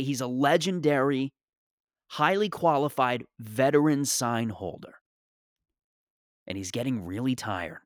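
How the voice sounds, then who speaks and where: A man's voice: medium pitch, no echo, clean studio sound. A male comedian delivering a sarcastic, exasperated rant in a monologue.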